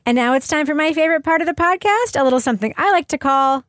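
A woman's voice: high-pitched, animated, fast talker, fairly bright tone, dry recording, clean studio sound. A woman hosting a podcast panel in casual chat, playful and often laughing mid-sentence. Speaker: podcast host leading a panel.

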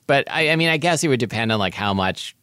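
Playful, lively-voiced male podcast co-host. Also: medium pitch, fast, no room sound, clean studio sound. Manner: playful, joking, rambling with fillers. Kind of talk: casual chat.

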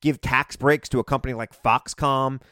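A middle-aged man giving an animated, emphatic political monologue as a radio and TV commentator. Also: medium pitch, normal speed, smooth, no echo, clean studio sound.

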